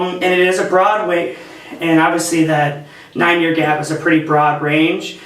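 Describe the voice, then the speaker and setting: Flat-voiced young man presenting in class. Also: a little high. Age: young adult. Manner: flat, hesitant delivery with many fillers. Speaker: student presenter. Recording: echoey room, far from the mic, faint noise.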